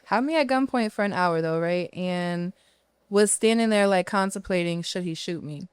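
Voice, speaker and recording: Woman, 30s, low voice, dry close sound, candid and profane. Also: moderate pace, clear, resonant tone, dry recording. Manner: candid and profane, tells her story at length. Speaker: podcast guest. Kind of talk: casual storytelling interview.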